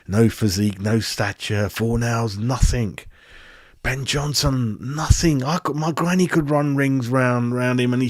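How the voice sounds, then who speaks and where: A man's voice: medium pitch, steady tone, a little slow. A man hosting a football fan channel, ranting after a match in an exasperated, repetitive way with plenty of swearing. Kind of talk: post-match fan rant.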